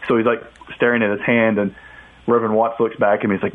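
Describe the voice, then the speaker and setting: A man guest on a radio interview, telling a story in a casual, animated way and acting out the quotes. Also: medium pitch, normal speed, pauses often, slight background noise. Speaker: author and guest. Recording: tinny phone line.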